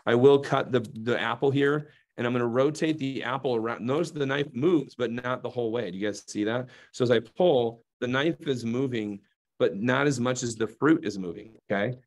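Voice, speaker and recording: Brief: man, mid pitch, casual workshop demonstrator, keeps asking "right?" and "okay?", jokey asides. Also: normal speed. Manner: chatty, checks in with "right?" and "okay?" often; playful asides while demonstrating. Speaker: knife demonstrator. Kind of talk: hands-on cooking demonstration.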